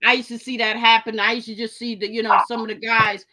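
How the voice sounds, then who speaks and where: A woman's voice: fairly high pitch, level tone, fast, bright, forceful tone. A woman hosting a casual livestream chat. She talks in a chatty way, with lots of fillers and agreeing sounds. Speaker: host.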